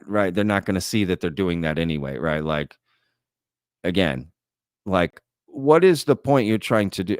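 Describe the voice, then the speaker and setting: A man's voice: fairly low pitch, clean tone, no echo, studio quality. A man hosting a live stream, reading chat comments aloud and lecturing bluntly. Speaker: host.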